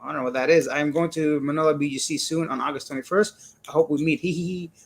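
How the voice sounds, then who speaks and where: A man hosting a relaxed live stream, talking casually and laughing often. His voice sits a little high for a man. He greets viewers by name and answers their comments as they come in. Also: quick pace. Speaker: livestream host reading chat. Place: indoors, living in Cebu.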